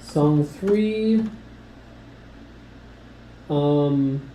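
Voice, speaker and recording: A man's voice: on the high side, very slow, warm tone, a little hiss or hum. A man guesting on a livestream, reading out script cues hesitantly, with many ums. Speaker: guest voice actor. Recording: echoey room with faint ambience.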